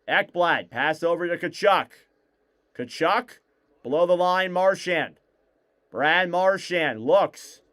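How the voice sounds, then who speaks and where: Smooth, higher-voiced male hockey commentator. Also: lively intonation, fairly bright tone. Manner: rapid clipped play calls, rising on shots. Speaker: play-by-play commentator. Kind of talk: live hockey play-by-play.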